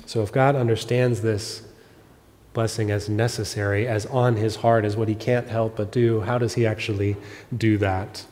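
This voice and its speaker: A man preaching a sermon as pastor, earnest, swelling to emphatic peaks and then dropping soft. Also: fairly low pitch, steady tone, moderate pace. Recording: long reverb of a large hall.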